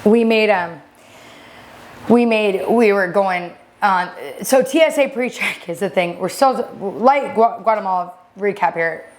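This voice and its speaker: A woman co-hosting a podcast, telling a story in animated casual chat with quick asides. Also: medium pitch, slight background noise. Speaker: podcast co-host.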